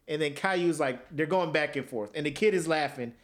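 In a casual comedic podcast chat, a male co-host tells stories with animated energy, slipping into silly voices. His voice is a little high, and he speaks at a measured pace.

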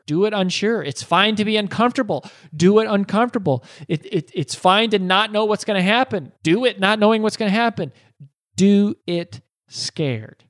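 A man's voice: high voice, a bit bright, no room sound, clean studio sound. A man hosting a podcast, telling a motivational story with repeated phrases and rhetorical questions. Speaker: podcast host.

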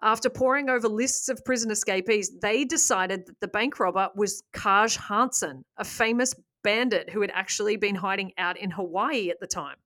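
A woman's voice: mid-range voice, normal speed, hardly any pauses. Woman telling a story on a podcast. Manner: lively retelling with asides and laughs. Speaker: podcast host.

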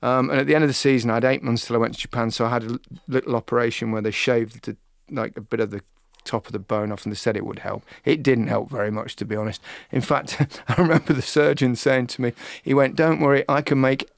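Brief: male podcast co-host, ex-player, gravelly voice, dry close mic, rambling self-mocking storyteller. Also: mid-range voice, fairly even intonation, fast talker, no echo. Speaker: podcast co-host, former footballer. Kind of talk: casual storytelling chat.

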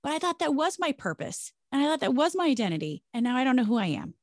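A middle-aged woman, a former broadcaster, talking about faith and career change in an energetic, emphatic way. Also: high-pitched, fast, no room sound, studio quality. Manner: energetic, emphatic, preachy storytelling. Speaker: podcast guest, former broadcaster. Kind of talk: conversational faith-based interview.

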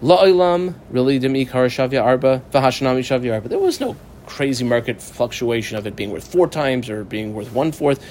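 Male Talmud teacher, mid-pitched, translates the text line by line for a small study group, faint background hiss. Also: fairly quick, hardly any pauses, a little mellow. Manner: explains step by step, asking and answering his own questions; reads Aramaic text and translates phrase by phrase. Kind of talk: Talmud class lesson.

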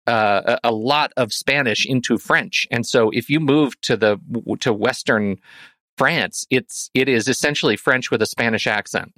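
A man's voice: mid-range voice, moderate pace, fairly bright tone, no room sound. A man co-hosting a film podcast in casual banter, musing and hedging, now and then playfully exasperated with his partner. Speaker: podcast co-host.

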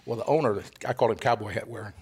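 An older man with a gravelly, husky voice, telling hunting stories in a lively way and acting out the people in them. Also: lowish voice, very fast. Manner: animated storyteller, acts out voices in quotes. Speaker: guest co-host, veteran turkey hunter. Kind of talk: casual storytelling chat.

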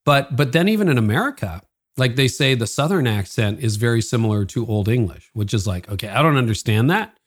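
A man with a Canadian accent hosting a podcast, reading sponsor spots and interviewing a guest in a friendly, animated way. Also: mid-range voice, fairly quick. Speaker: podcast host. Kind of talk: ad reads and interview.

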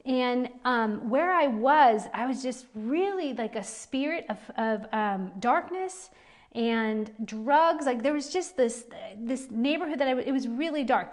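A woman giving an emphatic, animated faith talk, chatty and full of fillers. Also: on the high side. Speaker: speaker teaching a faith group. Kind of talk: animated sermon-style teaching.

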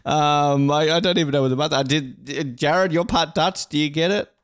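A man's voice: normal speed, clean tone. A man co-hosting a sports podcast in casual chat, joking around and reading jokes aloud. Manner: jokey, puts on silly high voices. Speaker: podcast co-host.

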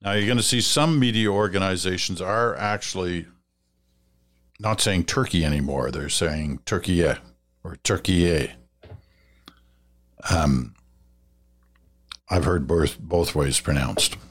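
A man hosting a listener feedback segment on radio, talking in a measured, advising way with some fillers and restarts. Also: sits low, a bit bright. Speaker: radio host reading listener letters. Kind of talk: conversational radio commentary.

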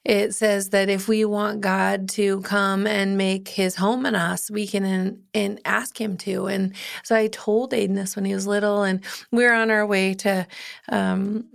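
A woman's voice: medium pitch, flat delivery, measured pace, gravelly. A woman in her forties hosting a podcast, talking in a casual, earnest and encouraging way. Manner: earnest and encouraging, with fillers and restarts. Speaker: podcast host. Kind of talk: casual heartfelt podcast talk.

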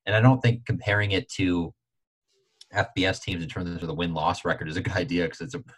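A young man co-hosting a sports podcast, chatting casually with heated opinions and leaping up in pitch to stress his points. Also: fairly quick, rough recording. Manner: animated, heated opinions with frequent filler "like". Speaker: podcast co-host.

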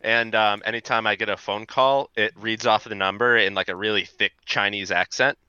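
A man's voice: lowish voice, steady tone, brisk, pushed and bright, clear, resonant tone, no room sound, highs cut off. A man in casual chat with friends, joking and laughing at the bits.

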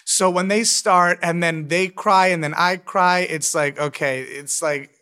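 A man's voice: high voice, fairly even intonation, measured pace, bright, forceful tone, smooth. A man, a restaurant owner and author, telling emotional stories in an interview, often asking "right?". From United States. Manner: emotional, storytelling, frequent "right?".

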